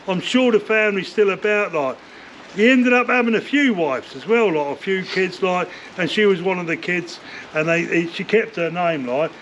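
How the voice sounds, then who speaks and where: Rambling older Londoner, high voice. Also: male voice, a bit bright. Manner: rambling, swears freely, many fillers like "like, you know". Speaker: interview guest, former bare-knuckle fighter. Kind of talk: casual storytelling interview. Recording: dull lo-fi sound with faint noise.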